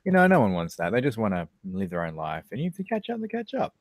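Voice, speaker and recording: A man who is a guest on a casual livestream, starting and restarting as he winds into a story. His pitch is animated and swings widely, and the sound is dry and close. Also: no echo. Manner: rambling, halting storyteller. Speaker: stream guest.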